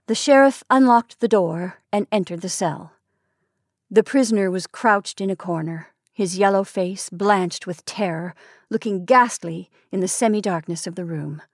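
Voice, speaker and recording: A woman reads a story in a calm, measured way. Her voice sits at a middle pitch. The sound is dry and close. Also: no room sound. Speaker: storytelling podcast host. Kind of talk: scripted narration.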